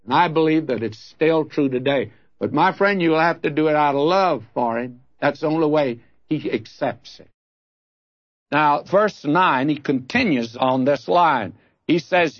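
A man's voice: on the high side, unhurried, dry recording, lo-fi sound. An older man teaching the Bible on radio, telling folksy stories and throwing out emphatic questions.

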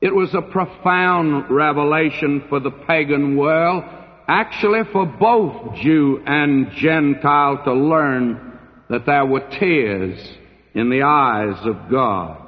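A man preaching a sermon as a pastor, slow and deliberate, with dramatic pauses between phrases. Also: fairly high pitch. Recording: dull old recording in a hall.

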